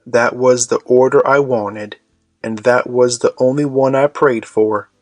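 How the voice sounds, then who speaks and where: Slow-paced male audiobook narrator. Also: mid-range voice, steady tone, no room sound, faint music behind.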